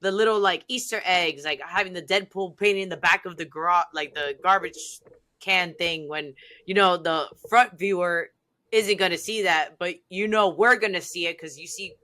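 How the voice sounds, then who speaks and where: Excitable woman guest, bright voice, rambling podcast storyteller. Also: fairly low pitch, normal speed. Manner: excitable, animated, heavy use of "like".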